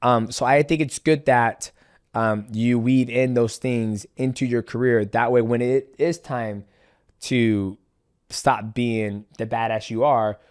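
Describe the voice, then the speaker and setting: A former fighter hosting a podcast, talking loosely and at middle pitch. His speech rambles and restarts often, full of fillers as he chats casually with his guest. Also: steady tone, slow pace, a little mellow, clear, resonant tone. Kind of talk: casual interview chat.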